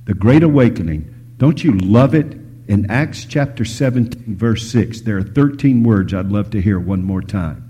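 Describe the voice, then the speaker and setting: Husky-voiced male preacher, dramatic delivery. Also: on the low side. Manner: dramatic shifts from loud emphasis to hushed whispers; storytelling, asks the audience questions. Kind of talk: sermon.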